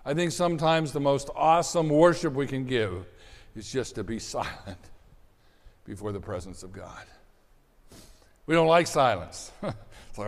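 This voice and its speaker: A man preaching a sermon in an animated way, dropping to soft asides and rising to shouted bursts. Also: medium pitch, normal speed. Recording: long hall reverb.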